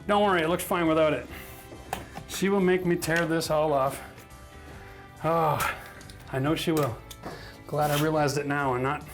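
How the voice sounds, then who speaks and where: A man with a fairly high voice explains tile work in a casual how-to tone. He talks through each step, pokes fun at his own mistakes and keeps things light. Music runs clearly behind him. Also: fairly even intonation, normal speed, long pauses. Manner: chatty, self-mocking, laughs at his own mistakes. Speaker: DIY renovation host. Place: bathroom under renovation.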